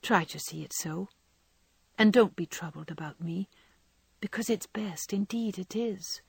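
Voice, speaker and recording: A woman voicing a gentle, frail young woman who is dying and resigned, speaking softly and in a whispery way. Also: mid-range voice, unhurried, gravelly, breathy edge, no echo. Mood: tender. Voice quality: soft and whispery.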